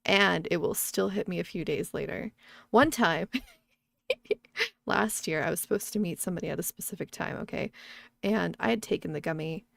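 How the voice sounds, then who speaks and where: A woman's voice: lowish voice, animated, moderate pace, gravelly, a bit bright, dry recording. A woman streamer chatting casually while gaming, rambling, laughing often and swearing freely.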